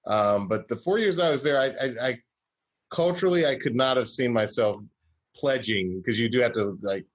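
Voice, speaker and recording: A man's voice: medium pitch, moderate pace. A man from Georgia, a comedy writer, telling stories in a casual interview with many fillers and restarts.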